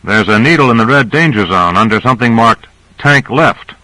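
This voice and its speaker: A man's voice: medium pitch, lively intonation, moderate pace, pushed and bright, no room sound, rough recording. A man doing a dry, curious male agent.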